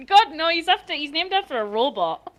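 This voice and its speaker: A woman playing a game with a friend, chatting in a giggly, animated, blunt way. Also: high voice, normal speed. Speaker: gaming co-player. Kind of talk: casual gaming chat.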